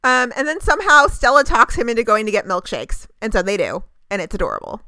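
Gushing woman with a bright, dry voice. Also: a little high, fast talker, no echo. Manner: gushing, animated, lots of fillers. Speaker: podcast co-host. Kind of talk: casual TV recap chat.

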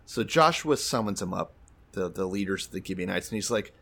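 Man, lowish voice, animated pitch, wry, swears, casual comedic chat. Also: brisk, creaky. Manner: wry, swearing, laughs often. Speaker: podcast co-host. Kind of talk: casual comedic chat, reading and retelling scripture.

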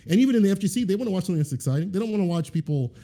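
A man chatting as a guest on a podcast, his voice very dark and mellow. He talks earnestly and rambles, stacking up fillers as he works through his thoughts. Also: high-pitched, lively intonation, rapid-fire. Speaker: guest fighting game commentator. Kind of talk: casual podcast chat.

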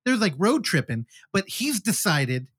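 A man's voice: high voice, sing-song, measured pace, fairly bright tone, breathy edge, no room sound, clean studio sound. A man hosting a podcast, animatedly retelling a movie in casual chat and swearing freely. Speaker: podcast host. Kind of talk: casual film review chat.

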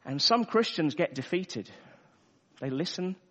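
A man's voice: on the high side, expressive, measured pace, sharp tone. A man preaching a sermon earnestly, repeating phrases for emphasis. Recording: echoey hall, dull lo-fi sound.

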